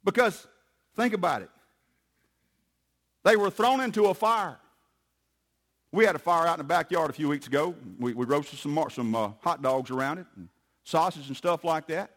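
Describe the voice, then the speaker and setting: A man's voice: on the high side, normal speed, long pauses, fairly bright tone. A man preaching a sermon in a folksy, emphatic way. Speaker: pastor.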